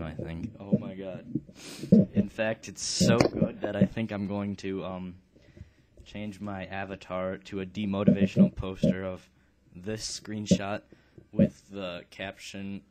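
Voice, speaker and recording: A man's voice: deep voice, flat delivery, a little slow, warm tone. A man hosting a video game let's play, talking through his playthrough in a laid-back, offhand way. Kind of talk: casual game commentary.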